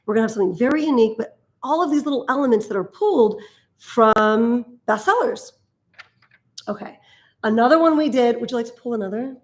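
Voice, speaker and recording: A woman with a somewhat high voice talks through a live stream in a relaxed, chatty way. She explains step by step, restarts her sentences now and then, and laughs easily. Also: brisk. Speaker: host. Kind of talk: casual live-stream teaching.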